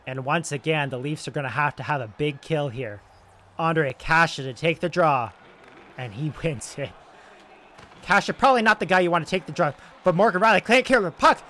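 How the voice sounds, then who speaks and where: A young man doing excitable play-by-play commentary over a video game, moving between loud calls and quiet asides, his voice getting strained. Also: fairly high pitch, normal speed, a little hiss or hum. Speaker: gaming YouTuber doing play-by-play.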